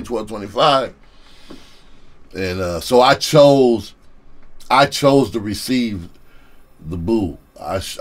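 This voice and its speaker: A male comedian telling a story in a loose, profane, casual way, often laughing and saying "you know". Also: lowish voice.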